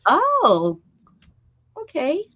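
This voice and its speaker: A woman with a high voice, wildly swooping pitch and drawn-out words hosts a craft livestream. She chats casually with viewers while crafting, laughing often and greeting them by name, and the stream audio is dull and lo-fi.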